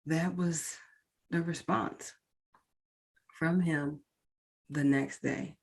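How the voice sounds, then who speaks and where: A woman's voice: deep voice, fairly even intonation, drawn-out words, gravelly, darkish tone, husky. A woman podcast host recounting a painful personal experience in a candid, emotional way, speaking directly to her listeners. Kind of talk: personal storytelling.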